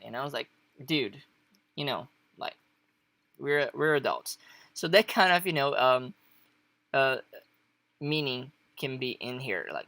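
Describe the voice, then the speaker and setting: A woman's voice: low-pitched, expressive, moderate pace, creaky, fairly bright tone, no room sound. A woman teaching Japanese in a casual online lesson, chatty and loose, with lots of fillers and frequent laughs.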